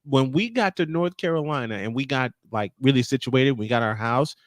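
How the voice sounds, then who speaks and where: A man from Chicago hosting a casual podcast chat and telling animated stories. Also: mid-range voice, moderate pace, no room sound. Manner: animated storyteller. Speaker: show host.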